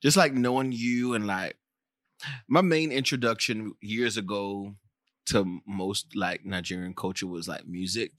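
An American podcast co-host tells rambling stories in casual chat, filled with fillers and restarts. His voice is lowish, unhurried, and a bit bright, on a dry, clean studio recording.

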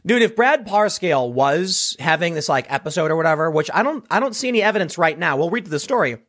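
A man's voice: fairly high pitch, lively intonation, fast, a bit bright. A man hosting a political commentary show, talking casually and sarcastically, reading news stories aloud and mocking people in quoted voices.

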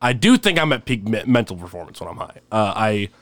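A man's voice: on the low side, very animated, fairly quick, a bit bright, no room sound. A young man telling rambling, laugh-filled stories as a guest on a casual podcast. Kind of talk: casual storytelling chat.

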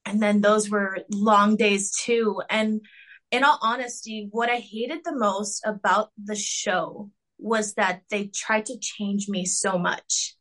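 A young woman talking casually as an interview guest, full of fillers, sometimes jumping high to act out quotes. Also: fairly even intonation, takes it slowly, fairly bright tone. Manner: chatty, filler-heavy with lots of "like" and "um"; acts out quotes in a high mocking voice.

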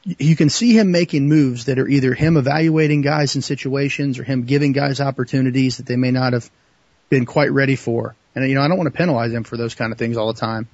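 Fast-talking man as a podcast guest. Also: mid-range voice, steady tone, darkish tone, no echo, lo-fi sound. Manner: halting, restarts often. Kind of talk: casual podcast chat.

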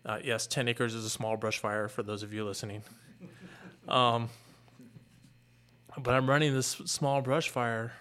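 A middle-aged man, a fire captain, earnestly retelling a painful personal story in a candid, halting way. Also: medium pitch, level tone, fairly bright tone.

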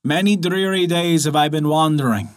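A man's voice: a little high, normal speed, lightly acted. Man doing a crafty old wizard. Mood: coaxing. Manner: coaxing, incantatory.

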